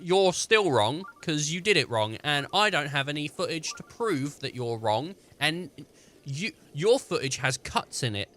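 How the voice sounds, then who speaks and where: A man's voice: on the high side, very animated, unhurried, fairly bright tone, a little hiss or hum. A man giving rambling, joking commentary over a video game, breaking into laughter now and then. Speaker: gaming streamer.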